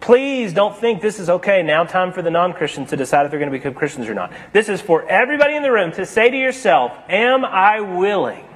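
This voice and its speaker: A man's voice: sits high, big pitch swings, brisk, hardly any pauses, fairly bright tone. A man preaching a sermon, retelling a story dramatically and acting out the characters' dialogue.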